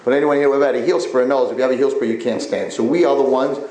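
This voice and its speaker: A man's voice: medium pitch, fast talker. Man preaching in a very echoey hall. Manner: animated, repeats for emphasis. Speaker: religious lecturer. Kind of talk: storytelling sermon. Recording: very echoey room, faint noise.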